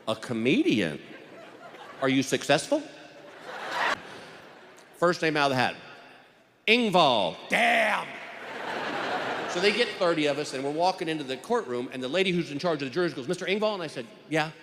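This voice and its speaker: A man's voice: a little high, lively intonation, fast talker, a crowd in the background. A man doing stand-up, telling a story and acting out the voices of the people in it. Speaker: stand-up comedian. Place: stage in a large hall. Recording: live show in a hall, audience noise.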